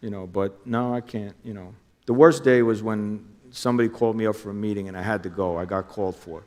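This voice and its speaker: Former undercover officer, middle-aged man with a deep voice, lively retelling. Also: fairly quick, big-room sound. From New Jersey. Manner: animated, acts out phone calls in quoted voices. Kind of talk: interview storytelling.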